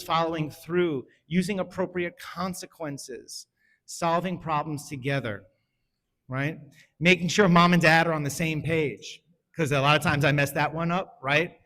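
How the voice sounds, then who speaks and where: A man's voice: fairly high pitch, a bit bright. A man in his forties, a school principal, speaking conversationally at a town hall for parents, checking in with "right?" and telling family stories. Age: 40s. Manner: conversational, often asks "right?", tells family stories with quoted voices. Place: school meeting room.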